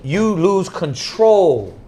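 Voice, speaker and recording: A man preaching in a casual, animated storytelling manner, often laughing and dropping to a soft voice when quoting people. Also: high voice, drawn-out words. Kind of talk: casual religious teaching.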